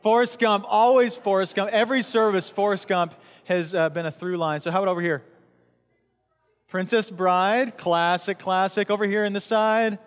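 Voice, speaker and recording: A man preaching a casual, conversational sermon, joking and bantering with his congregation. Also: sits high. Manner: chatty, jokey, talks with the crowd. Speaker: pastor. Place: church hall with audience. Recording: long hall reverb.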